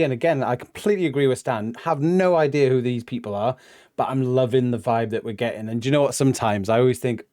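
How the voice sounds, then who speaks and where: A man with an ordinary mid-range voice talks through a music reaction in a relaxed, thoughtful way, posing questions to himself as he goes. The sound is dry and close, with no room echo. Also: medium pitch. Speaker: reaction video co-host. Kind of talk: casual music reaction chat.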